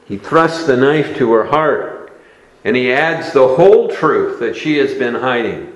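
A man preaching a sermon in a slow, deliberate expository style, recorded in a church sanctuary. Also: medium pitch, animated, echoey room, poor audio.

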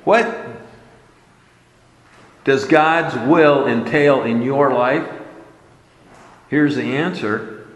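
Male preacher, slow and emphatic delivery, long reverb of a hall. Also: medium pitch. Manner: emphatic, repeating key words. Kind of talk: sermon.

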